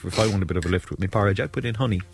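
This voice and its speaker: A man's voice: on the low side, racing, creaky, background noise. A man with an Irish accent co-hosting a breakfast radio show, teasing his partner drily. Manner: dry teasing. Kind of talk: casual on-air banter.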